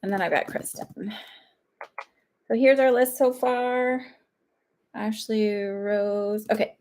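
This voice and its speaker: A woman's voice: medium pitch, fairly even intonation, slow, darkish tone. A woman in her thirties, a psychic medium chatting casually on a livestream, rambling and laughing often. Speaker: psychic medium hosting live readings.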